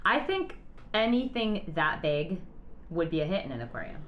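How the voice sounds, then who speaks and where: A woman co-hosting a podcast in casual chat, playful and quick to laugh, with blunt jokes. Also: lowish voice, very animated, lo-fi sound, slight background noise. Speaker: podcast co-host. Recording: echoey room.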